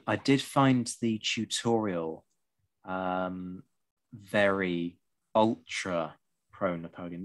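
A man hosting a podcast, talking through a strategy game in a measured way with dry historian's asides. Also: low voice. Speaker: podcast host. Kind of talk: casual discussion while playing.

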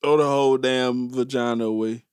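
A man co-hosting a casual podcast chat, joking in slang and laughing loudly. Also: mid-range voice, fairly even intonation, moderate pace, smooth, no echo, studio quality. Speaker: podcast co-host.

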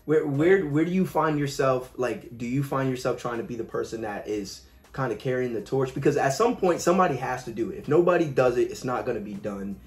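A man hosting a podcast in a relaxed, reflective way, swearing casually as he chats. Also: mid-range voice, brisk, hardly any pauses. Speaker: podcast host. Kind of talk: casual chat. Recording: roomy, echoey room.

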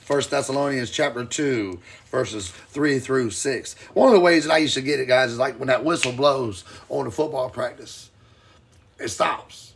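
Faint hiss or hum sits under this live-streamed Bible teaching, where a man with a creaky, medium-pitched voice preaches fiercely. His volume rises and falls dramatically, and he takes scripture readings at a slow, deliberate pace.

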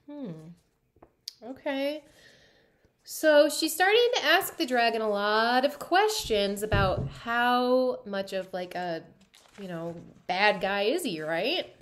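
Lively, high-voiced woman teacher. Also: takes it slowly. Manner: animated, asks the class questions. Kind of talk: reading a picture book aloud to a class.

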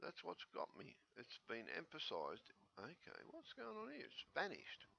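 A man without his teeth in, slightly slurred, rambling in an agitated, excitable casual vlog commentary on a dull lo-fi recording. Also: fairly high pitch, a little slow, vocal fry. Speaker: vlogger.

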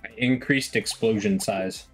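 A man's voice: on the low side, unhurried, faint music behind. A man chatting casually and joking with friends while playing a co-op game, laughing often. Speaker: co-op game player. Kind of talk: casual gameplay chat.

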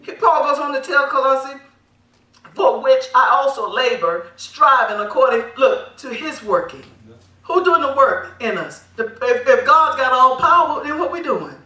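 A woman's voice: high voice, animated, moderate pace, bright, forceful tone. A woman pastor preaching a sermon, calling for responses from the congregation and laughing between points. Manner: emphatic call-and-response preaching. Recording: echoey hall, mic at a distance.

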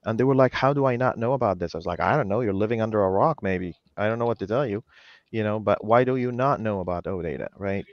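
A man's voice: on the low side, fast, no room sound, muffled recording. A man hosting a casual video call, talking enthusiastically in bursts with lots of "you know" fillers. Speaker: host.

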